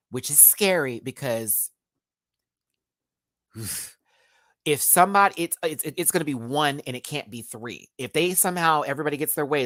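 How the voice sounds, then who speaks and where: A woman's voice: extremely low pitch, a bit bright, no room sound, studio quality. A woman from the States, chatting and laughing often as she reviews a TV episode live from a home setup with a ring light. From Southern United States. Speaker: TV show reviewer.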